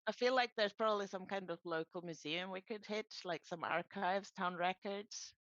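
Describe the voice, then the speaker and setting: A woman's voice: mid-range voice, normal speed, a bit bright, dry recording, lo-fi sound, natural voice. A woman playing an anxious, probing investigator. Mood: worried.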